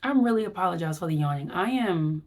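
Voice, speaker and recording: A woman's voice: lowish voice, animated, fast, a little mellow. A woman wellness vlogger giving a chatty, rambling recap, acting out her reactions as she talks. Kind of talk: casual vlog recap.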